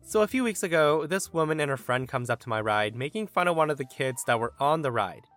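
A man hosting a podcast, reading internet stories aloud in an animated, expressive way with his own comments. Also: on the high side, fast, soft background music. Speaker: story narrator and podcast host.

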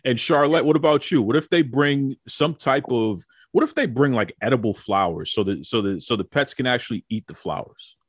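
A male podcast host with a lively, swinging voice, teasing and joking with his guests. He often doubles up his words as he goes. The sound is dry and close. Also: mid-range voice, fairly quick, husky, no echo. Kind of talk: casual chat.

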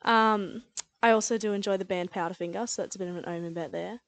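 A woman giving her race tips in a relaxed, chatty way, laughing easily. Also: medium pitch, quick pace, dry recording. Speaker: podcast guest tipster. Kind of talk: casual racing tips chat.

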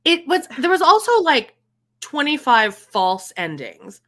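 A woman co-hosting a podcast over a video call, chatting casually and animated, often laughing and trailing off mid-sentence. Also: high-pitched, measured pace. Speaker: podcast co-host. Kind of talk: casual chat.

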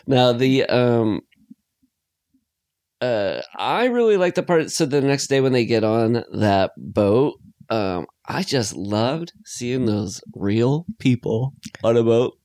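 A man co-hosting a podcast, chatting casually about a movie and rambling through his thoughts with halting restarts. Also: mid-range voice, lively intonation, a little mellow, no room sound, studio quality. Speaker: podcast co-host.

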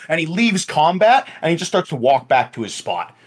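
Male GM, playful, animated, lively, a touch husky. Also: on the high side, moderate pace. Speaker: guest game master. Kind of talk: running a tabletop game.

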